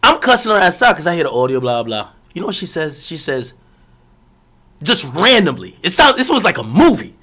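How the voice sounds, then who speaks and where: A man's voice: a little high, sing-song, a little fast, pushed and bright. A young man streaming, telling a long personal story in a rambling, profane, slang-heavy casual way.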